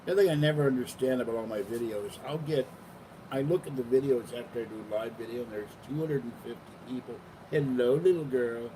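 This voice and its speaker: Older male vlogger, rambling and chatty, mid-pitched voice, noisy home recording. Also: fast talker, warm tone, far from the mic. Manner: meandering, chatty, talks to his cats. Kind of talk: rambling casual vlog.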